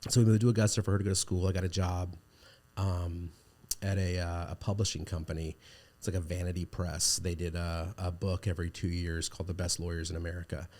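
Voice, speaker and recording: A man in his forties with a deep, low voice talks as a podcast guest. He rambles and restarts his sentences in a casual conversational way. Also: little pitch movement, a little fast, a little mellow. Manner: rambling, with many restarts and fillers.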